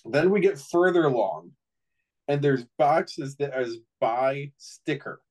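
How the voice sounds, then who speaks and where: A man's voice: medium pitch, animated, slow, darkish tone, poor audio. Rambling middle-aged man telling stories. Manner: rambling storyteller with many restarts. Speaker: co-host. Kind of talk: casual chat.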